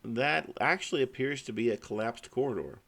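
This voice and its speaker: A man's voice: medium pitch, brisk, creaky, a bit bright. A man with a Midwestern accent running an online tabletop game as game master, describing scenes with frequent restarts and fillers. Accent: Midwestern American.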